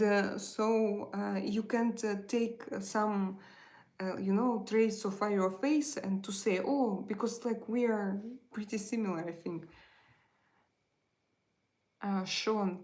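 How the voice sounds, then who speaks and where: A middle-aged woman with a Russian accent hosts a relaxed live chat, speaking in a halting way and often reaching for the right English word. Her speaking voice sits in the middle of the range for a woman. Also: medium pitch, poor audio. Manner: halting, searching for words, many fillers. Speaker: livestream host.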